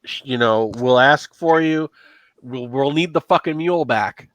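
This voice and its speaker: A man voicing a gruff, practical Roman guard officer who gives blunt orders. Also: mid-range voice, a little slow, a bit bright, dry recording, close to an everyday voice. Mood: brusque. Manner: blunt, matter-of-fact.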